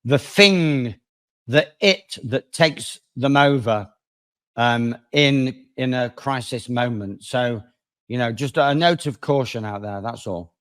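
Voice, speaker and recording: A man, a lawyer appearing as a guest, telling a story in conversation with dramatic swings between loud and quiet. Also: medium pitch, takes it slowly. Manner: animated, dramatic swings in loudness.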